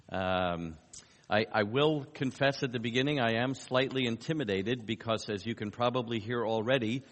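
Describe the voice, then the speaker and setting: A middle-aged man from New York with a light American accent, giving a conference talk with dry, self-deprecating humor and halting restarts. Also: mid-range voice. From New York, USA. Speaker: guest speaker on evangelism. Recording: long hall reverb.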